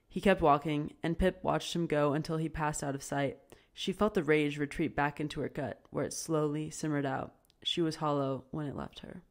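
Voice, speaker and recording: Casting note: woman narrator, low voice, steady amateur audiobook reading. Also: normal speed. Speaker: audiobook reader.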